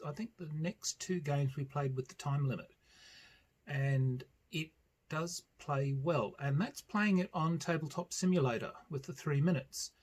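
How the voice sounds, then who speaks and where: An older Australian man chatting casually in a rambling, self-deprecating way on his board game vlog. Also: on the high side. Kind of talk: casual chat.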